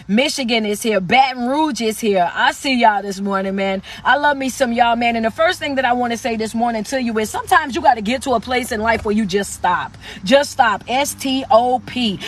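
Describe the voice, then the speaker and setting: A woman giving a live-stream motivational talk into a phone, in a rhythmic, preacher-like cadence with lots of repetition, calling her listeners baby and sweetheart. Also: on the high side. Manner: chatty shout-outs to viewers. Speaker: motivational speaker.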